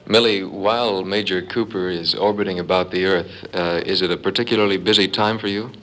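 A man's voice: low voice, steady tone, brisk, fairly bright tone, rough recording. A man interviewing a guest for a broadcast, asking friendly, leading questions.

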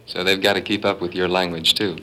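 A man's voice: deep voice, little pitch movement, a little fast, pushed and bright, slight background noise, low-quality recording. A man interviewing a guest for a broadcast, asking friendly, leading questions.

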